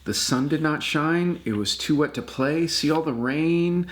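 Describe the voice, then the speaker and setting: An older man, a grandfather, reading a picture book aloud to a child in a gentle, affectionate way, exclaiming and pointing out the pictures. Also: on the high side, a little slow.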